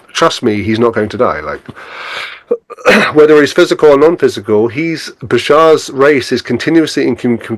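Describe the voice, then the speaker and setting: A man, a podcast guest, in a casual spiritual conversation, telling stories in a lively way. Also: medium pitch, dry recording. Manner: animated storyteller, acts out scenes.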